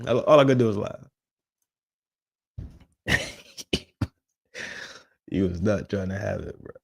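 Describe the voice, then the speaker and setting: A man's voice: on the low side, takes it slowly. A young man hosting a podcast, casually reacting to videos with slang and frequent laughter. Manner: laid-back, laughs often, slang-heavy.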